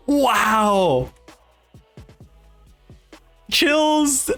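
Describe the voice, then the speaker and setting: Hyped young guy reading manga out loud, high voice that jumps all over, bit of music under it. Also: slow, pauses often. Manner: excitable, gasping and exclaiming. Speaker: manga reaction host. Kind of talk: reading manga aloud with reactions.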